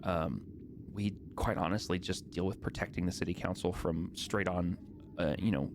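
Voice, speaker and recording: A man's voice: sits low, steady tone, moderate pace, voice pushed down. Give me a man voicing a flustered woman sergeant who hesitates, over a noisy background. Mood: uneasy. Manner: rambling, hesitant, many fillers. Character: flustered female city guard sergeant.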